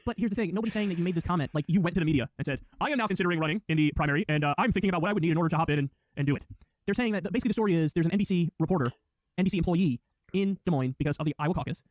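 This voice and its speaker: A man giving political commentary in a sarcastic, mocking way, often slipping into quick impressions of the people he criticizes. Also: a little high, no echo, clean studio sound.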